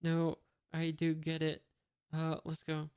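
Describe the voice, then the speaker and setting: A reader voicing a cheerful young male pirate captain while reading a comic aloud, saying his lines slowly and plainly. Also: mid-range voice, monotone, darkish tone, clear, resonant tone, no echo, clean studio sound.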